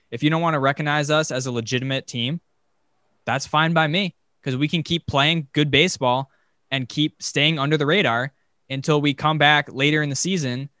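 A man co-hosting a sports podcast, ranting emphatically in a slightly higher voice. He is recorded in a dry, dead-sounding room with no echo. His delivery is forceful and opinionated. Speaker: podcast co-host. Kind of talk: casual sports podcast chat.

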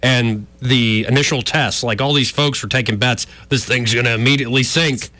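A man's voice: medium pitch, steady tone, normal speed, bright, forceful tone, no echo. A man hosting a talk radio show, wry and joking with rambling asides. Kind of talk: casual talk radio banter.

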